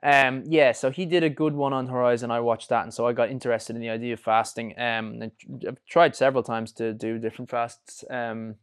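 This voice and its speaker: Smooth-voiced man, casual. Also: mid-range voice, level tone, fairly quick, few pauses. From Ireland. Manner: swears casually, rambling with many fillers. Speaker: guest. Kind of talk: casual chat.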